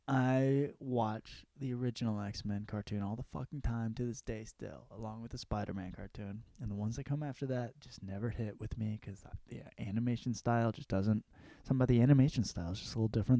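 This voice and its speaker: A young man rambles through a comedic monologue, swearing freely as he riffs on movies. His voice is dark and mellow. The recording is dry and close, with no room sound. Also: fairly low pitch, brisk, dry recording. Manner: profane, rambling, mimics movie lines. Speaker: podcast host.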